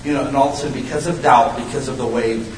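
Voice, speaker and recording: A man preaching a sermon, swinging between loud, high bursts and low, hushed lines. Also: steady tone, racing, slight background noise. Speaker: pastor. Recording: roomy echo, mic at a distance.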